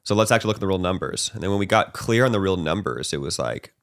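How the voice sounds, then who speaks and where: A man's voice: deep voice, quick pace, no echo, clean studio sound. A man hosting a podcast, telling a personal story in loose, casual talk, often tagging his sentences with "right?". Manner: loose and conversational, peppered with "like", "right?" and "bro"; animated, acting out his own past panic. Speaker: podcast host.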